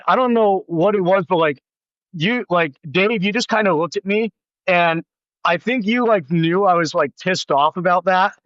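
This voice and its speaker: A man with a notably high voice spins an animated story as a podcast guest, peppering it with "like" and "dude." The audio is close and dry, though slightly dull in tone. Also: no echo. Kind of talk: casual storytelling.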